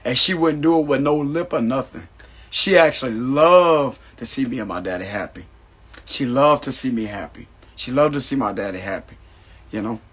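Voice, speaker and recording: A man's voice: mid-range voice, moderate pace, fairly bright tone, breathy edge. A man telling a personal story in a casual monologue, talking emphatically and calling the listener "bro" again and again. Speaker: astrology channel host.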